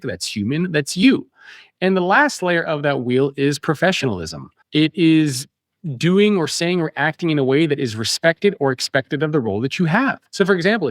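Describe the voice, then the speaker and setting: Male author guest, mid pitch, animated explainer, dry studio sound. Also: no echo. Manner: animated, acts out quoted voices. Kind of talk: explanatory interview talk.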